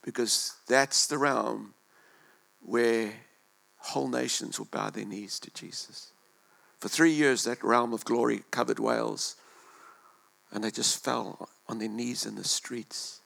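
A male pastor preaching a sermon in a church, impassioned, swinging between loud and hushed delivery and repeating words as he goes. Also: mid-range voice, steady tone, takes it slowly, creaky.

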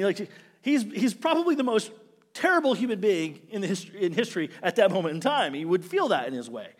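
A man preaching a sermon as pastor, swinging from loud emphasis to hushed asides and acting out imagined prayers. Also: fairly high pitch, breathy edge. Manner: acts out imagined prayers and quotes in character.

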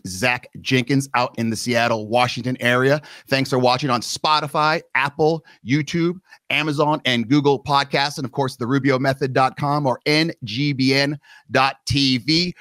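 A man's voice: mid-range voice, fairly bright tone, no room sound. A male podcast host spinning a long, rambling story, now and then acting out the other voices in it. He sits right on a close mic in a dead, dry room. His tone is casual and pokes fun at himself. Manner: rambling, self-deprecating, acts out quotes.

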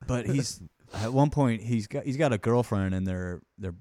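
A man's voice: mid-range voice, normal speed, dark tone, no room sound, studio quality. A man hosting a podcast in casual chat, laughing often and retelling movie scenes. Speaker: podcast host.

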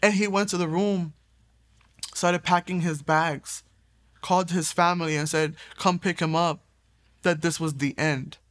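A woman's voice: fairly low pitch, fairly even intonation, a little slow. A young adult woman telling her personal faith testimony in an earnest storytelling way, acting out the lines of the people in her story. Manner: earnest, storytelling, quoting others, brief laughs. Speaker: testimony giver.

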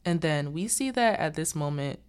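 A woman's voice: sits low, normal speed, smooth. A woman casually retelling a movie's plot as a recap host, acting out the characters' lines as she goes. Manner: animated retelling with quoted dialogue.

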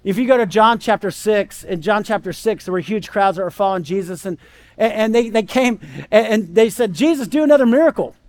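A man's voice: sits high, brisk, a little mellow. A man preaching a sermon in a conversational way, often checking in with "right?" and acting out the voices he quotes. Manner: conversational, keeps asking "right?". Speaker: pastor.

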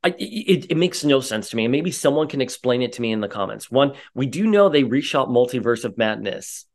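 Brisk and mid-range, this man's casual commentary is full of opinions; he rants with animation, and his voice jumps sharply whenever he gets worked up.

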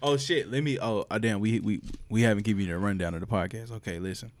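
A man with a Southern US accent hosting a podcast, joking around in a loud, hyped-up, bantering way. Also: fairly low pitch, fast, no room sound. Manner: loud, jokey, hype banter. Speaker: podcast host. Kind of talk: casual podcast chat.

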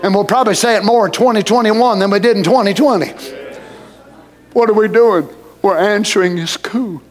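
Preacher guy, kinda high voice, fervent, goes from murmured prayer to shouting out. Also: normal speed. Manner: fervent, swings between soft murmured prayer and loud high exclamations. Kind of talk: emotional sermon and prayer.

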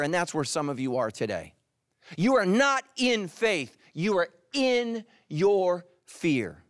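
A middle-aged man, a pastor, preaching a sermon with animated swings from loud emphasis to hushed, intimate lines. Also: sits high, slow, dry recording, clean studio sound.

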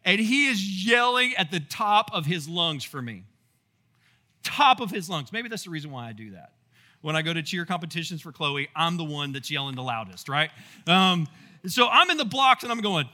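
A pastor with a drawl delivers a lively sermon, telling stories and tossing questions to the congregation. His voice sits high for a man and rings very bright and forceful. He keeps it animated with asides. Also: fairly quick. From Texas.

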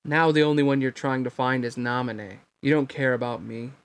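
A man's voice: medium pitch, fairly even intonation, fairly quick, clean tone, close to an everyday voice. A resentful teenage swordsman in a storybook reading, cold and taunting, his words edged with bitterness, as a man reads him. The voice stays close to a plain adult male reading voice. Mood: bitter, taunting.

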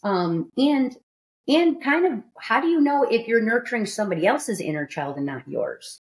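A woman's voice: medium pitch, animated, moderate pace. A woman hosting a studio podcast, talking candidly and emphatically in casual chat. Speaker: podcast host.

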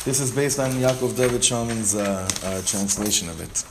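A man's voice: medium pitch, normal speed, heavy background noise. Man teaching a casual text class. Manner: explains step by step, repeats phrases, frequent restarts.

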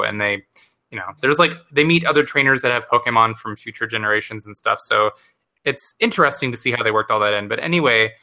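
A young man co-hosting a casual podcast, telling a story with lots of laughter and sudden excited jumps in pitch. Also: fast, vocal fry. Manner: animated, laughs often, jumps to high pitch when excited. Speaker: podcast co-host. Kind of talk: casual chat.

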